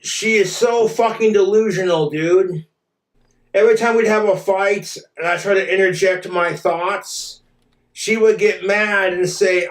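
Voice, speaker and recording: A man's voice: high voice, fairly even intonation, unhurried. A man streaming, ranting bitterly and with exasperation. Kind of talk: angry rant on a stream. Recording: echoey room, far from mic.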